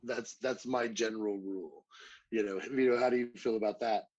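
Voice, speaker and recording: A man's voice: on the low side, steady tone, a little fast, a little mellow, lo-fi sound. A man co-hosting a podcast in casual group chat, chatty and rambling, with self-deprecating humor. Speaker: podcast co-host.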